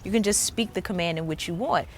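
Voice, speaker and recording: Low-voiced enthusiastic woman vlogger. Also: quick pace, soft background music. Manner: chatty, enthusiastic, lots of "like" fillers. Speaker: tech vlogger. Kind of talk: casual tech review vlog.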